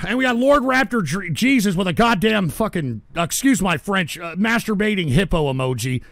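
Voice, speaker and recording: A man hosting a live show, ranting angrily and profanely at his chat and breaking into shouts. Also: sits high, expressive, normal speed, vocal fry, hardly any pauses, no echo. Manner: angry, profane, bursts into shouting. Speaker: livestream show host.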